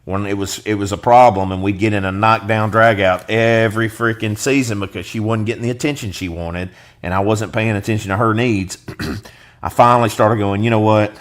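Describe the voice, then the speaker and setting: A middle-aged man hosting a podcast, talking casually and rambling, low and soft when serious, playful with silly put-on voices. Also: fairly even intonation, brisk. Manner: rambling, jokey, slips into high silly voices for bits. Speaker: podcast host.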